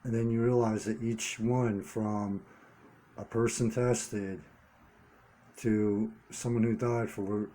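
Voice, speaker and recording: A man with a somewhat deep, soft and mellow voice speaks off the cuff to his audience. He is earnest and a bit halting, circling back to repeat the words he wants to stress. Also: level tone. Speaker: vlogger running a one-person channel. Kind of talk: unscripted commentary monologue.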